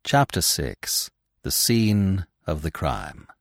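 A man narrates a classic mystery in a deep, low voice with lively, expressive swings of pitch. His storytelling is measured and deliberate. The recording is close and completely dry. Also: creaky, dry recording.

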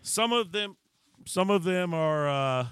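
A man's voice: high voice, animated, slow, fairly bright tone, smooth, dry recording. A man hosting a casual podcast from a bar, joking and poking fun at himself and his guests. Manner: joking, self-deprecating. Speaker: podcast host.

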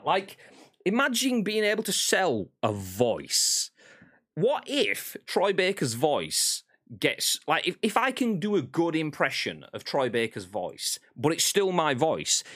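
A man's voice: medium pitch, a bit bright, no echo, clean studio sound. A British man hosting a gaming news podcast, reading articles aloud and reacting bluntly. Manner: blunt, exasperated commentary. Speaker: podcast host.

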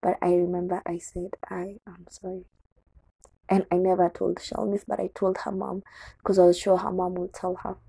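A woman's voice: fairly low pitch, little pitch movement, fairly quick, gravelly, mellow, husky, no echo, low-quality recording. A young adult woman with a Kenyan accent candidly tells a personal story on her show, slipping into Swahili words. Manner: candid, code-switching into Swahili.

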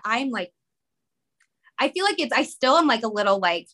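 Bright-voiced woman telling an emotional story. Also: on the high side, sing-song. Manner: rushed, rambling, many "like" fillers. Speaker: podcast guest, mother. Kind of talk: emotional personal story in conversation.

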